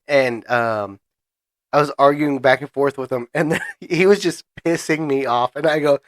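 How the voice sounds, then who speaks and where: A man's voice: mid-range voice, moderate pace, dry recording. Joking young man on a podcast. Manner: joking, laughs often. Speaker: podcast co-host. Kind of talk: casual chat.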